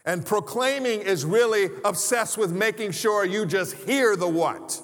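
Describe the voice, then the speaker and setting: The long reverb of a large church sanctuary surrounds a pastor's notably high voice as he preaches from the pulpit at a measured pace. His tone is fairly bright, and he keeps things conversational with rhetorical questions and humorous asides.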